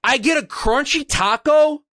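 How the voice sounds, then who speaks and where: A man's voice: very high-pitched, unhurried, pushed and bright, no echo, clean studio sound. Ranting, swearing podcast co-host man. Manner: profane, ranting, mocking voices. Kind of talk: casual comedic rant.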